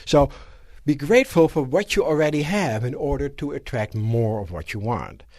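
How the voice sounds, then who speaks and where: A man giving a live motivational seminar lecture to an audience in a room, animated and asking rhetorical questions. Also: mid-range voice, moderate pace, dry recording, studio quality. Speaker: seminar speaker.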